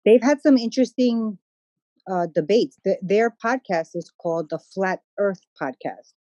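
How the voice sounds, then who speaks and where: A woman's voice: medium pitch, measured pace, warm tone, dry recording, highs cut off. A woman hosting a podcast in a casual interview, conversational and a little hesitant as she asks her questions. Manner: conversational, hesitant with fillers and restarts. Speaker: podcast host.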